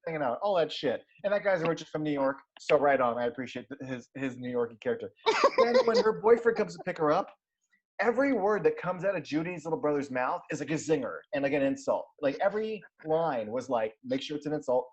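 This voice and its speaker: A man's voice: on the high side, expressive, fast, dull audio. A man co-hosting a casual movie podcast, ranting with lots of swearing and frequent laughter. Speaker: podcast co-host.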